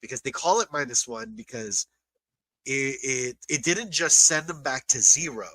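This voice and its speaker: Bright-voiced man, dry close sound. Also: mid-range voice, normal speed, dry recording, low-quality recording. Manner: emphatic, explains at length, swears. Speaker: podcast co-host. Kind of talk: casual chat.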